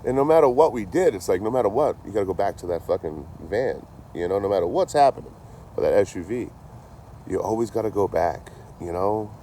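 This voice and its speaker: Low, mellow man rambling. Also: lively intonation, a little fast, a little hiss or hum. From Massachusetts. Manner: rambling and profane, full of "you know". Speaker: traveling vlogger. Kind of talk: casual chat.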